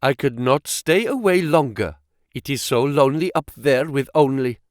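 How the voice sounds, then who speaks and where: A man's voice: mid-range voice, animated, moderate pace, no echo, studio quality, close to an everyday voice. A man voicing an anguished young Greek woman who speaks urgently and with feeling. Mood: lonely.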